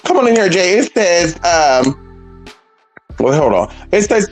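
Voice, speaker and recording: A woman's voice: deep voice, sing-song, normal speed, a little mellow, husky, faint music behind, poor audio. A woman giving a sassy, blunt and profane vlog monologue, calling listeners honey and girl and talking back to imagined critics. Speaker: vlogger. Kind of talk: casual opinionated monologue.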